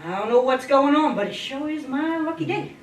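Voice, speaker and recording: A woman's voice: sits high, expressive, a little fast, voice pushed up. A woman voicing a greedy, scheming male fox in a spoken folk tale, with a gleeful drawl. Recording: echoey room, distant mic, faint hiss.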